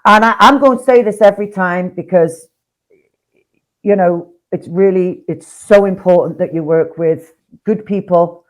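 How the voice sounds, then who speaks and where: A woman with a Nottingham accent co-hosting a casual real estate chat, talkative and quick to swear and use slang. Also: on the low side, poor audio. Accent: Nottingham English. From Nottingham, England. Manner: chatty, swears freely, slips into slang. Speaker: co-host, real estate professional.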